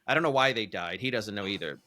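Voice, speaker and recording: A man, a podcast co-host telling a wild story in animated, profane, incredulous casual chat. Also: fairly low pitch, fast talker.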